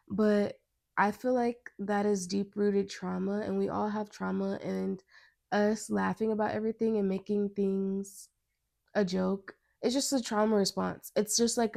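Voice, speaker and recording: A young American woman talks alone into her podcast mic in a loose, earnest ramble and keeps stopping to rephrase herself. Her voice sits at an ordinary pitch with plenty of gravelly vocal fry. The sound is close and dry, with no room around it. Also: mellow, no echo. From United States. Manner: rambling, self-interrupting, earnest. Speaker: podcast host. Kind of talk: casual podcast monologue.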